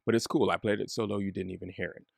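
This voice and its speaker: A man giving a relaxed, chatty bass lesson, joking at his own expense. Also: rapid-fire, creaky, no room sound, studio quality. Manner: relaxed, chatty, self-deprecating. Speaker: bass teacher.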